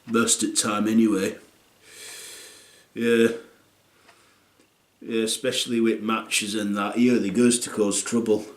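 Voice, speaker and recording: A man's voice: lowish voice, level tone, measured pace, pauses often, roomy sound, lightly acted. A man playing a blunt, crude dad in his thirties, rambling with lots of fillers in a comic monologue. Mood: gossiping. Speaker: comedy character.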